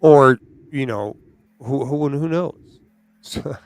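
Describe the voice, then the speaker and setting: A man hosting a podcast, chatting casually and telling stories in an animated way, often tagging his sentences with "right?" and "dude". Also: mid-range voice, takes it slowly, dry recording. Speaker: podcast host. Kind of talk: casual chat.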